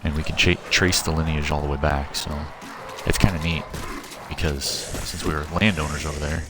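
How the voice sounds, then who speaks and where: Low-voiced man chatting over game music. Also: flat delivery, normal speed. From Missouri, US. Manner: rambling, chatty, answers chat messages aloud, self-correcting. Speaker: game streamer. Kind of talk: casual live-stream chat while gaming. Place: home at night. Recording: game music and gunfire under voice.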